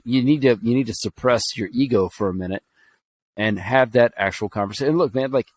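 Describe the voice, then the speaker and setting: A man's voice: medium pitch, low-quality recording. A man co-hosting a podcast, talking earnestly and reflectively in casual chat. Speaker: podcast co-host.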